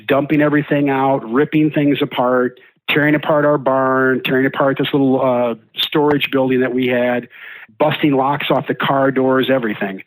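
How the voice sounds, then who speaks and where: Guest man, blunt and indignant, mid-pitched, dry close sound. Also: no room sound, poor audio. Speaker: interview guest. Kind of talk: casual recounting of events.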